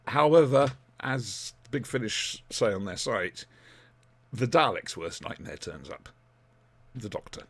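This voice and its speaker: A man's voice: medium pitch, a little slow, no room sound. A man hosting a casual podcast, rambling with lots of ums as he reviews audio dramas. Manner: rambling, animated, many ums. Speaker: podcast host.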